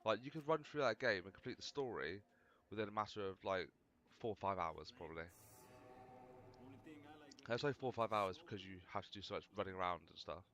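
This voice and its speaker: A man's voice: lowish voice, fairly quick, pauses often, fairly bright tone, lo-fi sound, a little hiss or hum. A man casually commentating over his gameplay in a rambling, chatty, self-mocking way. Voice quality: slightly overdriven mic. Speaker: gaming video host.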